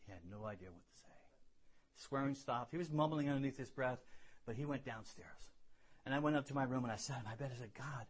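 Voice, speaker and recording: Husky-voiced man preaching a testimony. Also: fairly quick. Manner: earnest storytelling, swings between loud emphasis and hushed lows; repeats words when building a point. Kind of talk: sermon with personal testimony.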